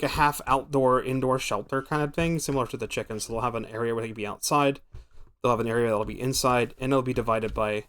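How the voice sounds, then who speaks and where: An American streamer in casual gameplay commentary, his voice sitting at an ordinary mid pitch. He rambles and thinks aloud as he plays, with a loose, unscripted manner and the occasional swear word. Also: a bit bright. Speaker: gaming streamer.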